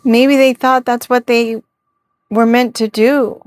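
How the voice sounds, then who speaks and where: Reflective woman reader, higher voice, close dry mic, rhetorical questions. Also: level tone, slow pace, darkish tone, no echo. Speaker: tarot reader. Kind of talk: spiritual reading to camera.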